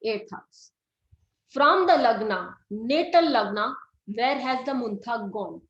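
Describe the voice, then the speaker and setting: A middle-aged woman from India, an astrology teacher, gives a classroom lecture, explaining things step by step and quizzing her students. Her voice is on the high side, animated, and slow-paced. The recording sounds roomy and slightly dull.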